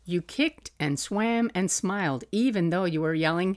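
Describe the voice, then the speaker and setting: A middle-aged woman, a podcast host, fondly reading aloud from a journal she kept for her young son, with soft laughs. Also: medium pitch, animated, measured pace.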